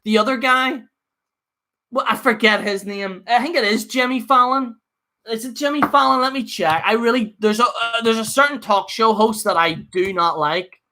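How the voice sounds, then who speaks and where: Bright-voiced man ranting on a livestream. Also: extremely high pitch, moderate pace. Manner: rambling, fired-up, jokey. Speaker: livestream host. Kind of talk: casual livestream rant.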